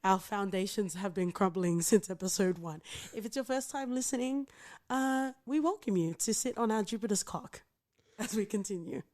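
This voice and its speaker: A woman's voice: mid-range voice, moderate pace, darkish tone. A woman with an Australian accent co-hosting a podcast, chatting casually in a playful, profane way and often laughing. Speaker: podcast co-host. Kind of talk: casual chat.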